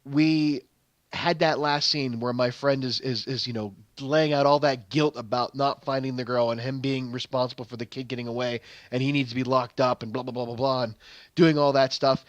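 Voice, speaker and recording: A man's voice: medium pitch, fairly bright tone, no room sound. A young adult man hosting a game channel, telling a long stage story in rambling casual commentary, full of fillers and restarts. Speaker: gaming channel host.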